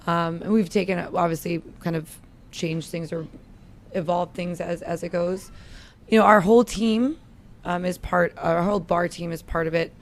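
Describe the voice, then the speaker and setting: A woman who runs the drinks program at a bar, talking candidly and chattily in a relaxed interview and laughing easily. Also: on the low side, normal speed. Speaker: bar beverage director. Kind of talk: casual interview chat. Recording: faint background noise.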